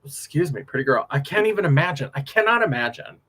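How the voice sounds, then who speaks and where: A man, a drag performer, chatting casually on a late-night livestream, animated, laughing often and drifting from story to story. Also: fairly high pitch, quick pace, breathy edge.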